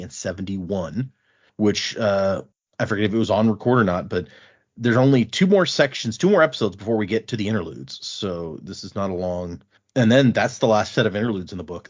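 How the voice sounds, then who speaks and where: A man hosting a podcast, casually walking through a book's chapters in an animated retelling. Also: fairly low pitch, moderate pace. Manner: animated retelling, acting out quotes in passing. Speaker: podcast host recapping a book. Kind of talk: casual chat. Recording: dull lo-fi podcast audio.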